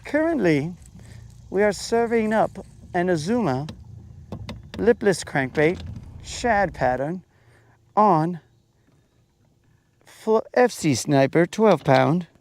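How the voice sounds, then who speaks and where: A man's voice: high voice, expressive, slow, pauses often, darkish tone, voice pushed up, heavily acted. A man putting on the voice of a fancy restaurant waiter reciting the day's specials in a formal, showy way.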